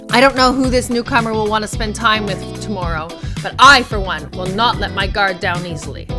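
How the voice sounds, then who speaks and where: A woman's voice: medium pitch, fairly quick, music in the background, voice pushed up, lightly acted. A woman doing an awkward wild forest killer. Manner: blunt, awkward, matter-of-fact about violence. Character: socially awkward female killer raised in woods. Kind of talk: reading a dating game aloud.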